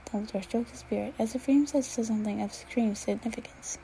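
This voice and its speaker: A woman reading fan fiction aloud at an unhurried pace, dropping to a whisper now and then. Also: on the high side, creaky, dark tone, slight background noise, rough recording. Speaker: reader.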